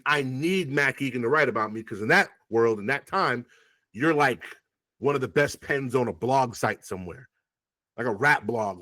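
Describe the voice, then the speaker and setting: A man's voice: medium pitch, no echo. A man, a rapper, casually telling stories as an interview guest, swearing freely and acting out past conversations. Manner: animated, profane, acts out past conversations.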